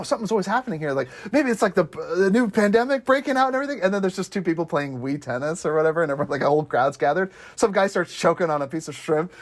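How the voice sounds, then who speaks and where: A man chatting casually about favorite episodes of a comedy series, enthusiastic, laughing often and acting out scenes. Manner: enthusiastic, laughing, acts out scenes in high voices. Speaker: show reviewer. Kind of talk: casual chat.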